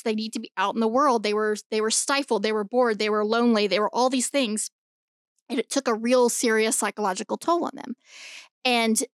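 A woman co-hosting a podcast in casual chat, animated and swearing freely as she argues her point. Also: on the high side, no room sound, studio quality. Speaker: podcast co-host.

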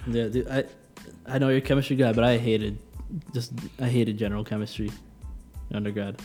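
A young man co-hosting a podcast, chatting in a relaxed, joking way. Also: mid-range voice, a little fast, faint music behind. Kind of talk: casual chat.

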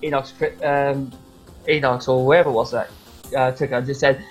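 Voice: medium pitch, little pitch movement, moderate pace, soft background music, rough recording. A podcast co-host chatting casually about old games, reminiscing and quoting scenes. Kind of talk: casual chat about retro video games.

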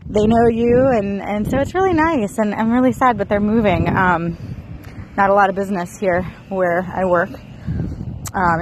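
A woman in her thirties talks to her viewers in a loose, chatty way, her voice jumping up in excited bursts and then settling back down. She sits in an ordinary middle range for her pitch, with a faint hiss of noise and outdoor air behind her. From Florida. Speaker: vlogger. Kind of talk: casual vlog chat.

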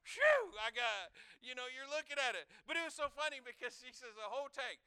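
A man's voice: very high voice, brisk, pushed and bright, smooth, no room sound. A man preaching a sermon, earnest and often repeating and restarting his words, mixing in humorous stories and asides to the congregation. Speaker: pastor.

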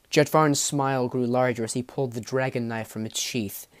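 A man's voice: mid-range voice, steady tone, moderate pace. A man narrating a fantasy novel as an audiobook, with a dramatic reading.

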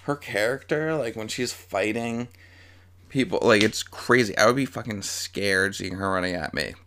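A man's voice: on the low side, moderate pace, sharp tone. A young man casually reviewing a movie, enthusiastic and rambling, with lots of fillers and restarts.

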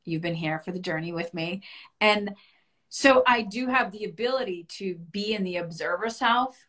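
A woman earnestly and reflectively telling a personal story as a guest in a conversation. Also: a bit bright. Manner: earnest and reflective, rising high and fast when reliving panic.

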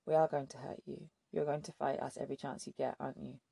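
A woman reading a soft-spoken, menacing pregnant woman. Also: a bass voice, fast, vocal fry, slightly rough, dry recording, exaggerated voice. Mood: soft menace. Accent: slight accent. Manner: soft, calm, quietly threatening.

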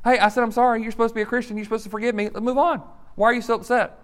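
A man's voice: extremely high pitch, fairly even intonation, rapid-fire, big-room sound, pitched above the performer's own voice. Man putting on a whiny, impatient offender. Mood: exasperated. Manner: whiny, pushy, exasperated. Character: impatient adult demanding quick forgiveness.

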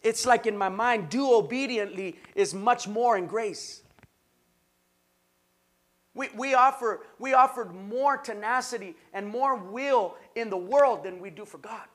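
A man preaching a sermon with impassioned, rhythmic repetition, rising to shouts. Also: sits high, unhurried. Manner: rhythmic repetition, call-and-response. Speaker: pastor.

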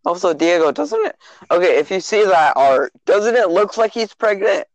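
Hesitant teen guy, lots of uhs, animated pitch, dry sound. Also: normal speed, dry recording, low-quality recording. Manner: hesitant, full of uhs, sheepish. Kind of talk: casual chat among friends.

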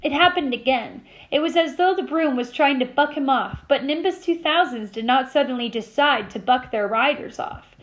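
A woman teacher reading a novel aloud to her class with expressive storytelling. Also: high voice, normal speed, few pauses, rough recording.

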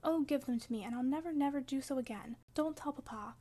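Woman reader doing a willful, tearful young girl for a classic novel audiobook; high and pleading. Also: fast, dark tone, natural voice.

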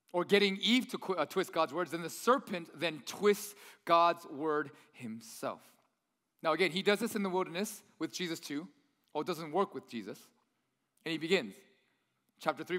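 A man's voice: sits high, fairly bright tone, in a large hall. A young man preaching as pastor in a casual, conversational sermon, now and then acting out a tempter's voice.

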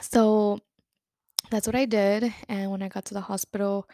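Young woman, mid pitch with fry, tells a personal story candidly, rambling with filler words. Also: level tone, moderate pace, dark tone, no room sound. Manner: candid, rambling, heavy use of "like"; slips into Spanish words. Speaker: podcast host.

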